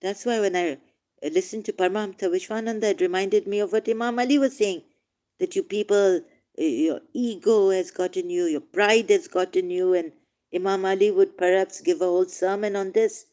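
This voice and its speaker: On her casual livestream, this online talk host reads from scripture and comments with feeling, moving between soft reflection and forceful outbursts. She speaks at a normal speed with a medium pitch.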